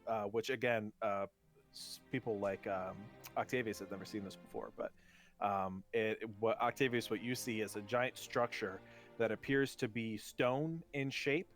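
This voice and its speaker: A man running a tabletop game as dungeon master, narrating casually with many pauses and restarts. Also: on the low side, fairly even intonation, faint music behind. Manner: loose, halting narration with many ums and restarts.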